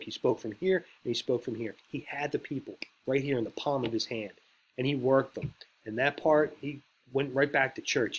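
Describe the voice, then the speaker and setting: A man's voice: mid-range voice, slight background noise. A man giving a casual lecture on speechwriting, rambling and conversational, with lots of filler words. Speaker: teacher.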